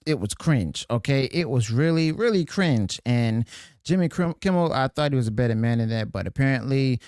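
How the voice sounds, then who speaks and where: A man's voice: mid-range voice, a little mellow, clear, resonant tone, no room sound, clean studio sound. A man hosting a reaction video, introducing a clip in a rambling way full of fillers and restarts. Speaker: commentary channel host.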